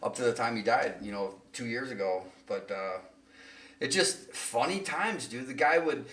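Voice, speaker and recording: A man's voice: medium pitch, lively intonation, moderate pace, a bit bright, far from the mic. A middle-aged man casually telling long, rambling, profane stories on a podcast and laughing at his own tales. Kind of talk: casual storytelling chat. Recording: roomy sound, away from the mic.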